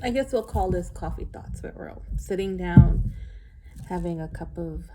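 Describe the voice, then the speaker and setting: A woman's voice: on the low side, normal speed, dark tone, a little hiss or hum. A middle-aged woman recording a casual, rambling vlog, candid and a little emotional, with sighs and laughs along the way. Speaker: vlogger. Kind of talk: casual chat.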